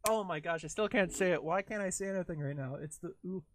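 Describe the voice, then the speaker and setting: A man's voice: sits high, quick pace. A young man hosting a live stream, chatting casually and rambling in a giggly, self-deprecating way while he works.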